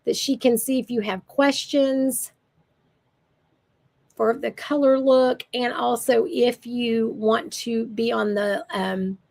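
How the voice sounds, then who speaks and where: A woman's voice: a little high, steady tone, slow pace, vocal fry, a little mellow. An older woman, chatting casually and rambling through a makeup tutorial as a makeup consultant. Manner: chatty, rambling, self-correcting.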